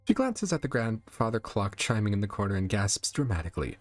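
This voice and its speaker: A man's voice: lowish voice, sing-song, brisk, few pauses, no room sound. A man reading a text adventure aloud, slipping into chuckling offhand asides. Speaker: storyteller running a text adventure. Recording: faint background music.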